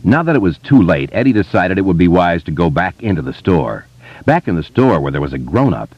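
A man narrating an audiobook in an expressive, dramatic manner. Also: sits low, a little fast, breathy edge, no echo. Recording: slightly muffled dry studio.

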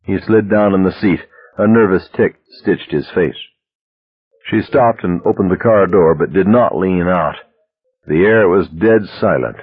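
A man narrating a story aloud in a steady, measured reading. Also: deep voice. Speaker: audiobook narrator. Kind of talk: scripted narration. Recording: dry tinny phone-like sound.

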